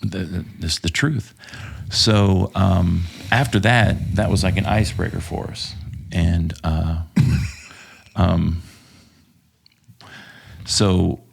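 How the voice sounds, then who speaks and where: A former police officer from Texas, appearing as a podcast guest, tells stories casually in a deep, gravelly, slightly rough voice. He talks slowly with fairly even intonation, swearing a lot and hesitating with plenty of "um"s.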